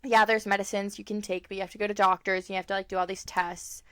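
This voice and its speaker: A woman's voice: medium pitch, flat delivery, fast, a bit bright, clear, resonant tone. A young woman co-hosting a podcast in casual chat, rambling with lots of fillers and frequent laughs. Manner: chatty, rambling, laughs often, many fillers. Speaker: podcast co-host.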